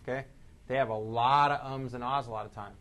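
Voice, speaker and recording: Energetic male sales trainer quizzing a room. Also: mid-range voice, brisk, slight background noise. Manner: energetic, quizzes the audience, shifts speed and loudness for emphasis. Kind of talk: live sales training seminar. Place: training room with a live audience.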